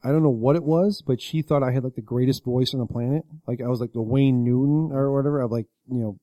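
Man podcast co-host, rapid storyteller, self-mocking, dry close sound. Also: mid-range voice, fairly even intonation, warm tone, no echo. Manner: rambling storyteller, self-deprecating, swears casually. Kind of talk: casual podcast chat.

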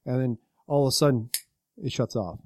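A man talking fast in a mellow, dark tone, rambling through a long anecdote full of "like" and quoted lines. The sound is dry and close, like a small podcast studio. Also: mid-range voice, no room sound. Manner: rambling retelling with many likes and quoted voices. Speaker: podcast co-host. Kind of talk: casual storytelling chat.

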